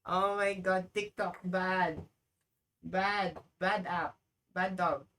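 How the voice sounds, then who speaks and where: A woman streaming live and chatting casually with her viewers. She rambles from one thought to the next and breaks into exclamations. Her voice sits low and she takes her time. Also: steady tone, slow, a bit bright.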